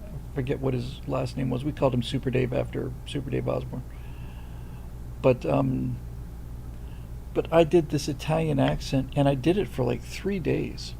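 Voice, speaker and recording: Gravelly-voiced man telling rambling stories. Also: medium pitch, warm tone, a little hiss or hum, rough recording. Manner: rambling anecdotal storyteller. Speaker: host. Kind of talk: casual livestream chat.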